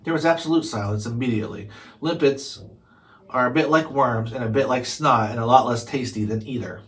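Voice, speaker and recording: A man's voice: mid-range voice, fairly quick. Man reading a storybook aloud. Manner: casual asides to listeners, occasional stumbles. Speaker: storybook reader. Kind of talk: reading a chapter book aloud.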